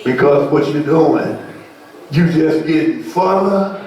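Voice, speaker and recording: A male pastor preaching a sermon, asking the congregation questions and rising to shouted peaks. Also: on the high side, slow pace. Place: church sanctuary. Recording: echoey church sound from far off.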